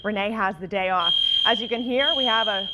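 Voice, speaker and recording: A woman anchoring a morning newscast in a calm, reassuring way. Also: medium pitch, brisk, heavy background noise. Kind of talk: live news anchoring. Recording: fire alarm blaring in studio.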